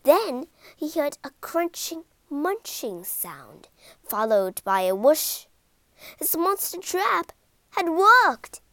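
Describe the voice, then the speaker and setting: A woman reading a children's monster story aloud, slowly and expressively. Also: high voice, dry recording. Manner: slow, expressive read-aloud.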